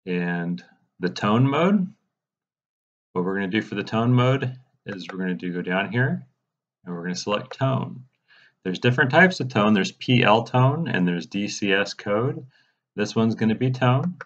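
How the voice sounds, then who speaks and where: A man with a lowish voice explains software settings step by step in a casual, mildly exasperated way. His voice sounds a bit dull and lo-fi, as if captured on a computer mic during a screen recording. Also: lively intonation, measured pace. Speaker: radio programming instructor.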